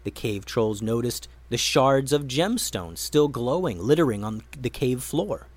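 A male storyteller reading a children's adventure tale with expressive, animated delivery. His pitch rises and falls freely around a middle register. The recording is close and dry, with no room sound. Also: a little slow, no room sound.

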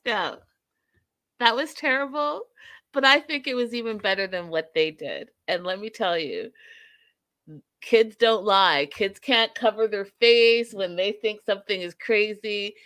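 A woman chats through a reality TV recap, animated and quick to laugh as she acts out what people said. Her voice sits at a middle pitch, and the sound is dry and close with no room around it. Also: no room sound. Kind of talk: casual recap and review chat.

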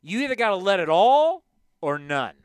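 Animated male sports talk host. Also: high-pitched, moderate pace, clean tone, dry recording. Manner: animated, emphatic ranting.

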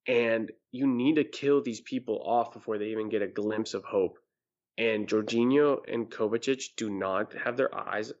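A man's voice: mid-range voice, dull audio. A man co-hosting a casual sports talk show, giving blunt, emphatic opinions. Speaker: podcast co-host.

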